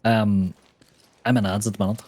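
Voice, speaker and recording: A young man hosting a casual co-op gaming stream, laid-back and quick to laugh while keeping up with his chat. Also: fairly low pitch, level tone, darkish tone, breathy edge, no echo. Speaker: streamer and host.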